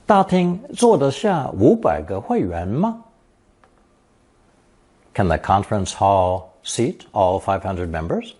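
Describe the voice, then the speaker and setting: Guy teaching chinese characters, slow and careful, kinda husky, pitch moves around a lot. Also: darkish tone. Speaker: language teacher. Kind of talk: scripted lesson narration.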